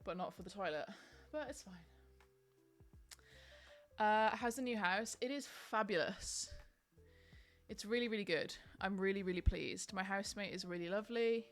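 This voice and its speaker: A woman's voice: mid-range voice, a little slow, long pauses, faint music behind. A young woman chatting casually on a live stream, rambling with lots of ums and likes.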